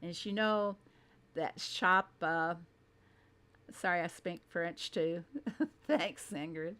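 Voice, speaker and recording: A woman's voice: lowish voice, fairly even intonation, takes it slowly, fairly bright tone, smooth. Chatty woman with a Southern twang. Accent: Southern American twang. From Southern United States. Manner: chatty, laughs often, self-deprecating asides. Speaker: host. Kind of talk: casual reaction commentary.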